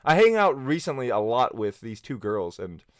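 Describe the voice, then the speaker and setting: A man's voice: mid-range voice, big pitch swings, normal speed, clear, resonant tone, dry recording, clean studio sound. A man in his thirties telling personal stories casually to camera, rambling with many fillers and restarts. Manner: acts out friends' lines in quoted voices. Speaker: vlogger.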